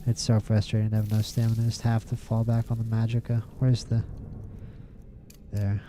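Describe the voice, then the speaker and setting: A man's voice: fairly low pitch, completely flat delivery, a little fast, background noise. A man giving casual, rambling gameplay commentary as a streamer, playful and prone to repeating words in bursts. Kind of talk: casual let's-play commentary.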